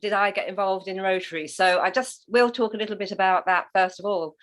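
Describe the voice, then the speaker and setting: An Englishwoman in a relaxed video-call interview, speaking at a middle pitch. She tells her story with lively, chatty warmth and breaks into frequent laughs. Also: brisk. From England. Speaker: guest, Rotary leader. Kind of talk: conversational interview.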